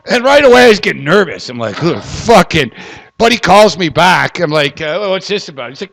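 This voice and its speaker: A man with a high, gravelly voice tells rambling stories in loose podcast banter. He swears freely and laughs often between lines. The talk is relaxed and unscripted. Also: normal speed, pauses often. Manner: profane, laughing storyteller. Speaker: podcast co-host. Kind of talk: casual chat. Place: Toronto.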